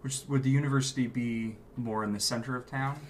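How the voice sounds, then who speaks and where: A man's voice: mid-range voice, fairly even intonation, brisk. A man in a tabletop game, speaking as his character with urgent, stammering questions. He repeats words as he presses for answers. A faint hiss of ambience runs beneath. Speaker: player.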